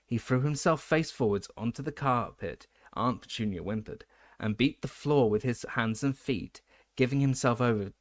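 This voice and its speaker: A man reading an audiobook aloud at a steady pace, with occasional stumbles and self-corrections. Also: medium pitch, no room sound, studio quality. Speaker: audiobook reader. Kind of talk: audiobook narration.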